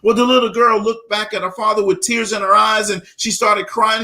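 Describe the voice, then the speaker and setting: A man's voice: high voice, fairly even intonation, normal speed, few pauses, pushed and bright. A man hosting a leadership talk show on the radio, who speaks straight to his listeners in a preachy tone and often repeats words while searching for the right phrase.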